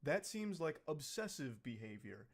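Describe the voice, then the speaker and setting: A man's voice: fairly high pitch, big pitch swings, unhurried, gravelly. Blunt, profane young man commenting. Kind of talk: reaction commentary.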